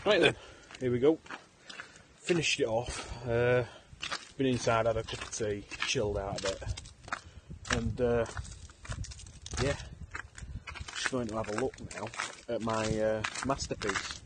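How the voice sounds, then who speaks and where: A man's voice: medium pitch, measured pace, pauses often. A man giving a jokey, sweary running commentary to his dog while he builds a snowman outside on a snowy street. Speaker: podcast co-host. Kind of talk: casual vlog. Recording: outdoor camera audio with ambient noise. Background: outdoor ambience and a barking dog.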